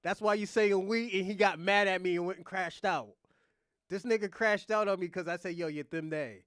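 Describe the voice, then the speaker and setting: A man's voice: sits high, steady tone, a little fast, fairly bright tone, clean tone, no room sound, clean studio sound. A man hosting a casual livestream rant, mocking someone, laughing often and repeating himself. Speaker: livestream host.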